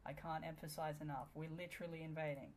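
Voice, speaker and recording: A woman talks through a strategy game in casual let's play commentary. Her voice sits low with a gravelly fry. She is sarcastic and playful, and swears freely at the game. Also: fairly even intonation, quick pace, a little hiss or hum. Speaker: gamer.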